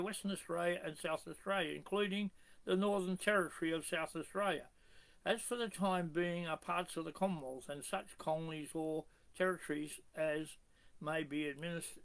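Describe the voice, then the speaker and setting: A man's voice: sits high, gravelly, a bit bright, low-quality recording. Combative man reading out legal clauses. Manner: combative, pointed rhetorical questions; reads clauses in a measured, halting way. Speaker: commentator rebutting a constitutional expert. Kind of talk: reading legal text aloud and arguing.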